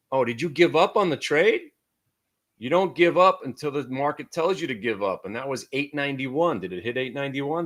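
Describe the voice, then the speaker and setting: Brash and jokey, a middle-aged man in a mid-range voice provides live commentary on his day trading stream, with loudness climbing and falling as he gets worked up.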